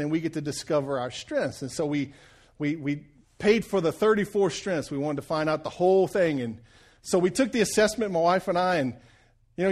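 A man's voice: a little high, darkish tone. A man in his forties preaching a sermon, folksy and joking, often checking in with the congregation. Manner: folksy storytelling with jokes and audience check-ins. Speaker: pastor.

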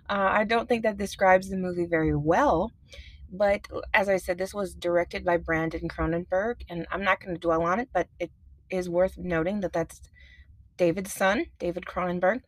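A woman's voice: fairly low pitch, dry recording. Chatty woman hosting a movie podcast. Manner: chatty, self-aware, laughs easily. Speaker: podcast host. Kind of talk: casual movie review podcast.

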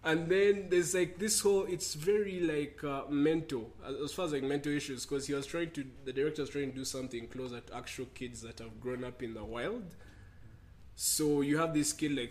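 Animated rambling man telling a story. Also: mid-range voice. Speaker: podcast co-host. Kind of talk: casual chat.

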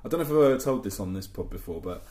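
A man's voice: lowish voice, very fast, reverberant. Guy swearing through funny work stories. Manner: animated, swearing, laughing through anecdotes. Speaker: podcast host. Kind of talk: casual storytelling chat.

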